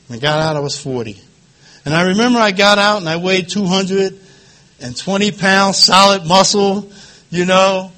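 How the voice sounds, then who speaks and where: Middle-aged man, high and tense timbre, quivering voice, emotional halting testimony at a support group. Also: pushed and bright. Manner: emotional, halting, repeats phrases, laughs between lines. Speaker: recovery meeting speaker.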